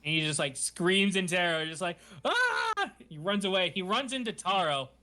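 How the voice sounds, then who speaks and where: Man, podcast host, high bright voice, giggly, animated recap. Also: fairly quick. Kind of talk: casual chat recapping a show.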